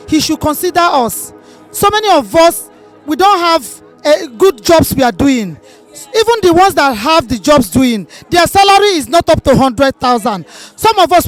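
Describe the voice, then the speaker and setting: A woman at an outdoor street protest appeals to officials on behalf of mothers. Her voice is very high and turns to urgent shouts. Faint music plays in the background. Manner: earnest, rising to impassioned shouts.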